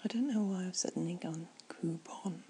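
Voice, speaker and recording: A woman doing a whispered ASMR chat, soft and rambling as she muses aloud. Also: fairly low pitch, moderate pace, a little hiss or hum, rough recording.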